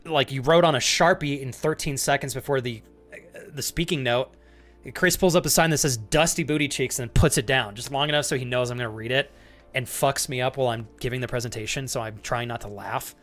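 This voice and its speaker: A man's voice: mid-range voice, fairly bright tone. A man streaming live, chatting casually with viewers, reading their messages and laughing often in mock indignation.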